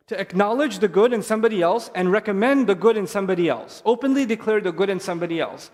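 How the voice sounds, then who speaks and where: High-voiced man preaching in a reverberant hall. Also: fast talker, few pauses. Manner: earnest and repetitive, with warm humor. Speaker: Islamic speaker addressing families. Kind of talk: sermon-style talk to a live audience. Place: large mosque hall. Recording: long reverb of a mosque hall.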